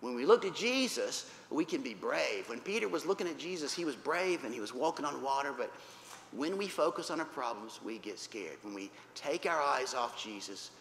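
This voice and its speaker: A man teaches children from the Bible in a church hall, his medium-pitched, slightly bright voice expressive at a normal speed. He animates the story, repeats things simply, and checks in with "right?" and "okay?". Reverb from the roomy hall and faint noise are audible.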